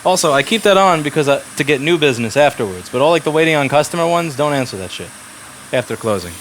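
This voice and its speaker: A shop owner lays down the rules to his staff in a blunt, profane rant. His man's voice sits a little high. Faint background noise runs under the talk. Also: animated, quick pace, fairly bright tone. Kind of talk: casual workplace talk. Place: repair shop.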